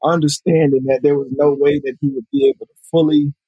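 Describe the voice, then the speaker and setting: A man's voice: a little high, fairly even intonation, fairly quick, slightly rough, no echo, dull audio. A man from Alabama with a Southern US accent, a film director chatting loosely as a podcast guest and leaning on lots of fillers. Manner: loose and conversational, lots of "you know" fillers. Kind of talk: casual podcast conversation.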